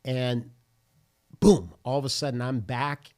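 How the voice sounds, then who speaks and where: A man's voice: mid-range voice, measured pace, a little mellow. A man who is a pastor, talking casually and earnestly, retelling a personal story vividly and acting out bits of dialogue. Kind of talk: casual podcast chat, storytelling.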